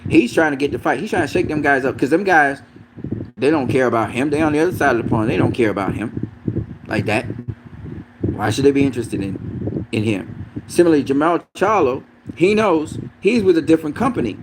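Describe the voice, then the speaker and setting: A man's voice: a little high, animated, brisk, background noise. A man giving a casual, profane, emphatic rant as a boxing commentator.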